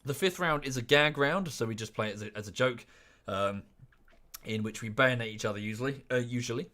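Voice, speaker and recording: A man's voice: mid-range voice, a little fast, bright, forceful tone. A man chatting and joking as he streams a game. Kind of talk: casual gaming commentary.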